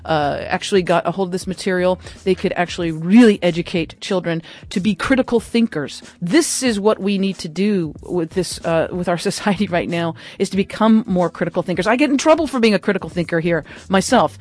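A woman hosting a live radio fund drive, making an enthusiastic, chatty pledge pitch on a studio microphone. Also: brisk, hardly any pauses, darkish tone. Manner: enthusiastic, chatty, laughs often.

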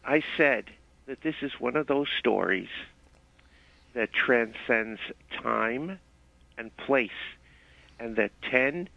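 A man's voice: mid-range voice, animated, slow pace, creaky, pauses often, no echo. A man calling in to a radio talk show, chatting and telling a story. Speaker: caller. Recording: dull dry phone line.

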